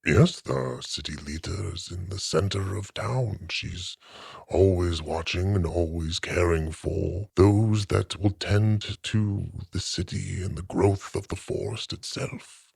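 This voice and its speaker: A man voicing a slow, ancient tree-folk villager with a gravelly, husky voice and a solemn manner. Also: low-pitched, steady tone, darkish tone, no echo, studio quality, heavily acted.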